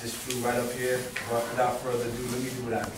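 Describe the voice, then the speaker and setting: A man's voice: medium pitch, monotone, fast, very noisy. A man from Boston performing rhythmic, rhyming spoken word poetry at an open mic, with dramatic emphasis. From Boston, USA. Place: performance venue with audience. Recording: echoey room, mic from far off.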